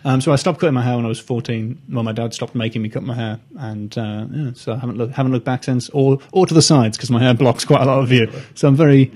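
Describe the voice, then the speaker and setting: A man's voice: medium pitch, fairly even intonation, fast talker, few pauses, darkish tone. A young man who is a comedian guest, chatting casually in a rambling, self-deprecating way with many restarts. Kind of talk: casual live chat.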